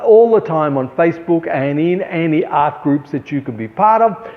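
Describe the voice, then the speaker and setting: A man giving artists a motivational talk, earnest and preachy, repeating his points for emphasis. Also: a little high. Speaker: artist and show host. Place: gallery. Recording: dull sound with long hall reverb.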